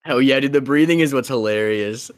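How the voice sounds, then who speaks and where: A man's voice: medium pitch, brisk, smooth, no room sound. A young man hosting a podcast in casual chat, rambling loosely, laughing often and swearing freely. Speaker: podcast host.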